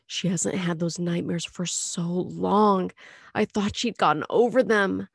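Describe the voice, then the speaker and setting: Woman playing a calm bearded dad, soft murmuring, slightly gravelly voice, storybook reading. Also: on the low side, a little slow, no room sound, studio quality, exaggerated voice. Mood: soothing. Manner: soothing, murmuring. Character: gentle bearded stepfather, calm and protective.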